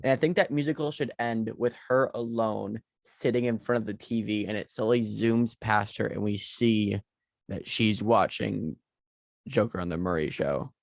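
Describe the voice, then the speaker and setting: A man co-hosting a podcast in casual chat, relaxed and joking while he pitches story ideas. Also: normal speed, vocal fry, dry recording. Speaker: podcast co-host.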